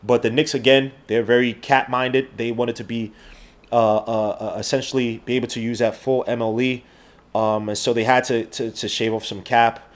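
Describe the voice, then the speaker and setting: A man's voice: flat delivery, normal speed. Slangy New man hosting a podcast. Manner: slangy and rambling, swinging between loud outbursts and low mutters. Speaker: podcast host. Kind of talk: casual live-stream chat.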